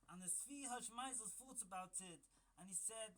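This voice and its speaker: A man giving a Torah talk as a story, halting and repeating words, with Hebrew and Yiddish terms mixed in. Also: poor audio. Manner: grows louder and higher when quoting the story's figures. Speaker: Torah speaker.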